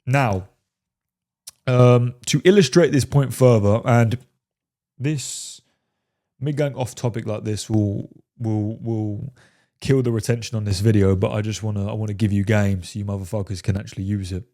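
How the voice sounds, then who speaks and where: A man's voice: lowish voice, steady tone, normal speed, mellow. A man commenting on film clips as a dating coach, casual and profane, often saying "right?" and "fellas".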